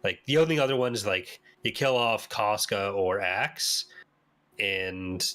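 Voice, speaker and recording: A Canadian man hosting a casual podcast chat, animated and laughing often, voice jumping up when he argues a point. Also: on the low side, a little slow. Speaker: podcast host.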